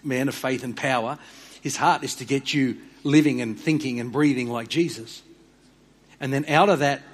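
An earnest man preaching a sermon, repeating and restarting words and dropping quiet for emphasis. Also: medium pitch, husky. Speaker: pastor.

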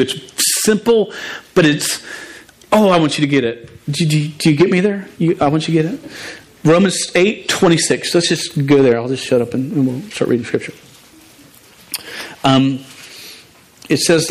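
A man's voice: a little high, normal speed. A man preaching to a youth group as their youth pastor, earnest and emotional, often restarting and stumbling over his words.

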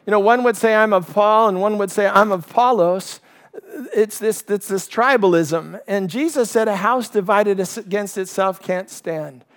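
A man preaching with real fire, his voice sitting high for a man. He pushes hard on key phrases, then drops low and quiet, winding his sermon toward his congregation. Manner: impassioned, rising and falling emphasis. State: out of breath at times. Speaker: pastor.

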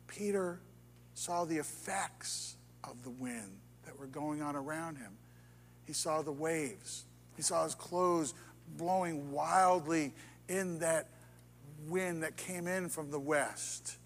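Male preacher, high voice, dynamic sermon delivery from loud build-ups to near-hushed lines, long church reverb. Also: slow pace, slight background noise. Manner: dynamic, swings from soaring emphasis to hushed intimacy. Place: church sanctuary.

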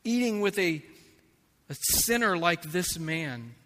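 A man preaching a sermon as pastor, slow and emphatic, swinging between hushed and loud passages. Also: high voice, very animated. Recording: long reverb of a large hall.

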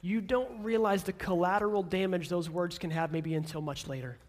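Man, pastor, sermon, high-pitched voice, earnest, emphatic. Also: steady tone, moderate pace. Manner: earnest, gentle, rising to emphatic.

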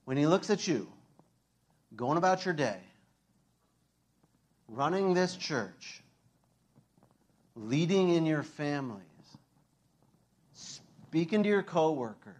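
A man preaching a sermon in a casual, conversational way, full of fillers, acting out scenes and laughing often. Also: a little high. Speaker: pastor.

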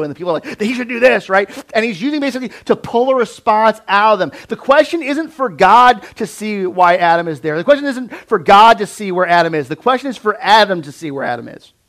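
A man preaching a conversational sermon, acting out voices of Bible figures and often dropping to a low, quiet voice. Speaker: pastor.

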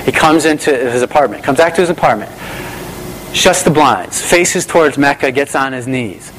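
A man's voice: medium pitch, animated, normal speed, fairly bright tone, slight background noise, low-quality recording. Enthusiastic conversational male pastor. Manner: enthusiastic, conversational, repeats phrases. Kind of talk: sermon storytelling.

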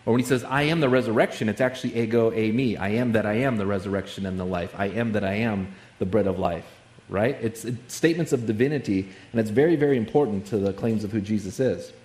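A man's voice: fairly low pitch, quick pace, a little mellow. Conversational male preacher, echoey room. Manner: conversational, with frequent fillers and asides. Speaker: pastor. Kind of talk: sermon.

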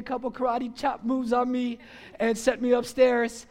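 A middle-aged man preaching a sermon, telling a childhood story in a conversational, animated way and acting out the voices. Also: very high voice, unhurried. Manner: animated, acts out his own and others' voices in the story; conversational, frequent fillers like "you know" and "like". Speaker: pastor.

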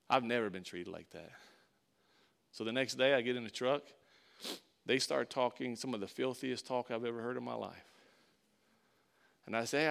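A man preaching from the pulpit, telling a personal story with lively acted-out quotes, loud bursts and hushed asides. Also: medium pitch, moderate pace, creaky, long pauses. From Florida. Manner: animated storyteller, acts out quotes, big swings in loudness. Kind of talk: sermon storytelling.

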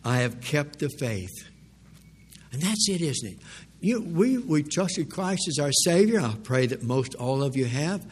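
An older man preaching a sermon, telling mission stories in an earnest, exclaiming way with a husky voice. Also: on the high side, measured pace, a little hiss or hum. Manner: earnest, animated storytelling with exclamations.

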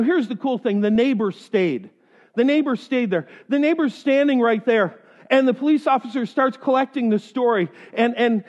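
High-voiced preacher in a reverberant hall. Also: male voice. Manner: animated storyteller, acts out other voices. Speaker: pastor. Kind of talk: sermon with personal stories. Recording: dull sound in a reverberant hall.

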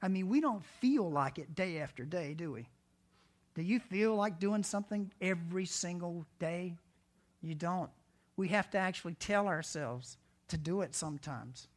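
A pastor delivers a sermon in an earnest, conversational way, often putting direct questions to the congregation. His voice is high and his speed normal.

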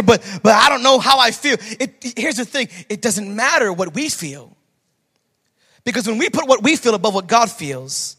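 High-voiced pastor preaching in a reverberant church. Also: male voice, fairly bright tone. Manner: emphatic preaching with repeated phrases. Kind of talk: sermon.

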